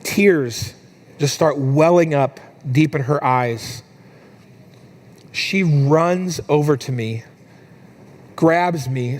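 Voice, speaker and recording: A young adult man preaching a sermon in a church, telling a family story with lively, animated delivery. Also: fairly high pitch. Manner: storytelling, animated when quoting his daughter. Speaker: pastor.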